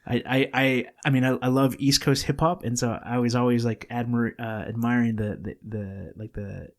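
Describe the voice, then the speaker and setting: A man's voice: mid-range voice, steady tone, moderate pace. A man from California hosting a podcast, chatting casually in a studio, rambling with many restarts and fillers. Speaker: podcast host.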